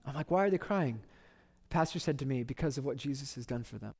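A man in his thirties preaching a sermon, telling stories with loud excitement and then dropping to quiet reverence. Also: on the high side, quick pace. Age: 30s. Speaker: pastor.

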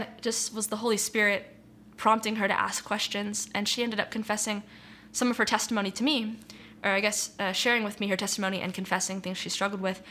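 A woman's voice: mid-range voice, bright, forceful tone. A young woman telling her personal faith testimony in an earnest, reflective, conversational way, with frequent "like" and "you know". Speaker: interviewee sharing testimony.

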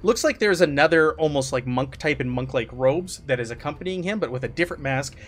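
A man's voice: fairly high pitch, animated, brisk. A man running a tabletop game as game master, narrating casually with many fillers.

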